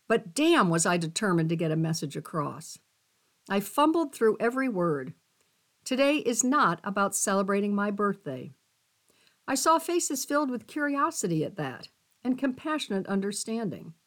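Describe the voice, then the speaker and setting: Lady reading the local paper out loud, lively up and down voice, acts out the quotes. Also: mid-range voice. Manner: expressive reading, voicing quotes. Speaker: volunteer newspaper reader. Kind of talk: reading a newspaper aloud.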